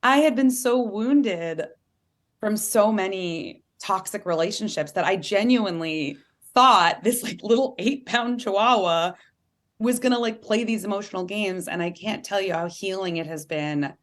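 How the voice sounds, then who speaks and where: A woman in her thirties, an author talking candidly as an interview guest, animated and chatty, full of "like"s. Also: mid-range voice, measured pace. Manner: animated, chatty, many "like"s, playful voice impressions.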